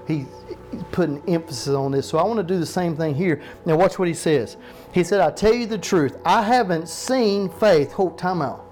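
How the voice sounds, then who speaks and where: A man preaching a sermon, reading scripture slowly for emphasis and asking the listeners questions. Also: a little high, a little mellow. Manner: slows down to stress verses, asks the listeners questions.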